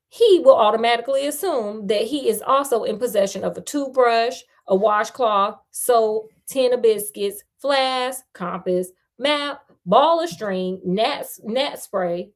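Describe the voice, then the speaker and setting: A woman's voice: on the high side, measured pace. A woman reading a novel aloud casually, breaking off for playful, chatty asides. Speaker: storyteller. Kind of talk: casual read-aloud storytelling.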